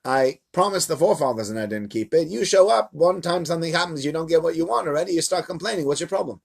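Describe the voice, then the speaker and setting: A man's voice: animated, quick pace, a little mellow, lightly acted. A man voicing God as a scolding, exasperated male figure who rants mockingly while retelling a scripture story in a lesson. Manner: mocking, exasperated rant, rising pitch.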